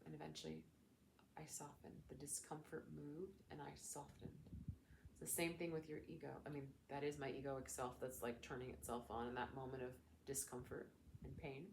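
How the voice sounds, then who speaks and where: A woman talking as a spiritual coach in a casual, gentle, reflective teaching style. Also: a bass voice, flat delivery, moderate pace, vocal fry, a little hiss or hum. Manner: gentle, soothing, reflective, with chatty fillers.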